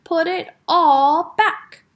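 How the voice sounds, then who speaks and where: A woman's voice: very high-pitched, steady tone, extremely slow, voice pushed up, heavily acted. A woman voicing an exasperated father in a storybook read-aloud, with a firm scolding tone. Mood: stern. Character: exasperated dad shopping with his daughter.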